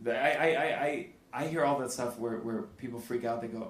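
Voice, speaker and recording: Guy doing stand-up, tripping over his words then yelling punchlines, echoey club with the crowd audible. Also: mid-range voice. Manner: quick, stammering restarts, bursts into loud punchlines. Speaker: stand-up comedian. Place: live comedy club with audience. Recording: roomy live club, crowd noise. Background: audience laughter.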